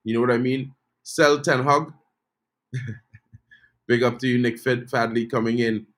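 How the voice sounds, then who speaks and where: A man hosts a relaxed live-stream football talk, rambling a little and peppering his speech with "you know". His voice sits at a moderate pitch, and he answers viewer comments as they come in. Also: measured pace. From Trinidad and Tobago. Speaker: football channel host.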